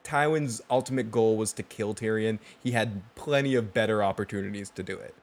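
A man's voice: on the low side, brisk. Casual male podcast co-host retelling scenes. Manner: animated retelling, acts out characters' lines. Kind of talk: casual recap discussion.

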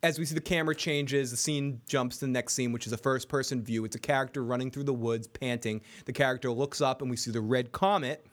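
A man's voice: mid-range voice, fairly even intonation, fast, hardly any pauses. A man hosting a casual TV recap chat, swearing freely, reading chat aloud and acting out scenes. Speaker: podcast host.

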